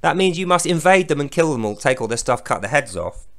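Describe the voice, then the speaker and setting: Sweary sarcastic guy doing a mocking scripture commentary, voice bouncing all over, a bit high. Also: sing-song, fast talker. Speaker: host.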